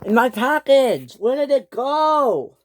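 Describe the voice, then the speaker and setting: Frantic mail engine guy, yelpy and high, a woman putting it on. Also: sing-song, slow, no room sound, full character voice. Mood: panicky.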